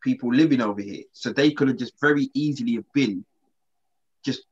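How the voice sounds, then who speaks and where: A man, co-hosting a casual chat and telling a story in relaxed slang with many restarts. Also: medium pitch, a little fast, breathy edge. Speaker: podcast co-host. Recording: slightly dull lo-fi sound.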